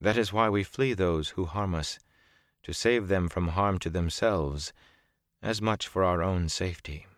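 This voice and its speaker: A man voicing a calm, serene woman of a peaceful wandering folk, speaking placidly and softly in an audiobook. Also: deep voice, a little slow, no room sound, clean studio sound. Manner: placid, soft-spoken.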